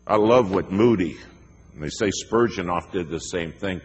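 Deep-voiced preacher in a reverberant hall. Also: male voice, moderate pace, breathy edge. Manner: emphatic, storytelling with acted quotes. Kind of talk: sermon. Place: church sanctuary. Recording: reverberant hall with faint noise.

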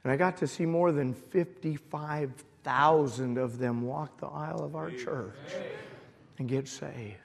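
Male pastor, fairly high voice, emotional sermon, reverberant church. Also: unhurried, gravelly, crowd noise. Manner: emotional storytelling, rising to shouted prayer. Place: church sanctuary. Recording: long hall reverb.

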